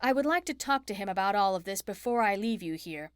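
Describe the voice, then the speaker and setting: A woman's voice: medium pitch, animated, fast, clear, resonant tone, dry recording, clean studio sound, natural voice. A woman voicing a stern, formal man who is an official of few words.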